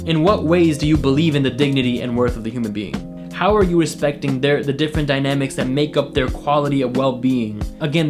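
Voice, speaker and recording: Earnest young man with guitar music behind. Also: a little high. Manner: earnest, emphatic, lists points one by one. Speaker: social work student vlogger. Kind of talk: opinion commentary vlog.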